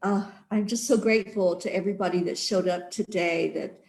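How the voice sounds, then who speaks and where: A woman's voice: medium pitch, fairly even intonation, brisk, darkish tone. A woman hosting a spiritual talk show, often murmuring agreement as she listens. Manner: affirming, frequent agreeing murmurs. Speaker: show host. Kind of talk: conversational interview.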